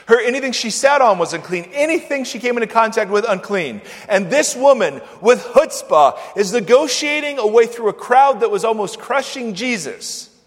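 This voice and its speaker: A high-voiced male pastor, animated and chatty at the pulpit, with a long hall echo. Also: moderate pace. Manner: animated and conversational, with sudden swings between loud and soft. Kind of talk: sermon. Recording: long church-hall reverb.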